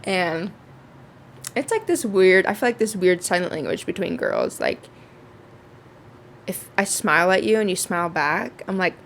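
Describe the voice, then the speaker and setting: Chatty young woman with a gravelly edge. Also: fairly low pitch, sing-song, normal speed, long pauses, slight background noise. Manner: chatty, swearing freely, lots of fillers. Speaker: vlogger. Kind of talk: casual storytime.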